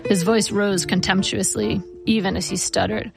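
A woman reading her memoir aloud in a wry, measured storytelling manner. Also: medium pitch, fairly even intonation, gravelly. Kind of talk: memoir audiobook narration. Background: guitar music.

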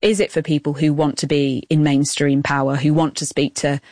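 A woman reporter speaking in a measured, reflective way, mixing narration with interview questions. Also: low-pitched, little pitch movement, darkish tone, dry recording, clean studio sound. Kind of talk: radio news report with field interviews.

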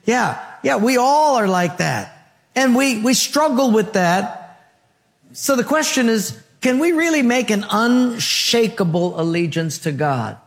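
A man's voice: very high voice, animated, unhurried, big-room sound. A man preaching a sermon to a congregation, asking rhetorical questions and telling stories with voiced quotes. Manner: storytelling with voiced quotes and laughter. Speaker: pastor.

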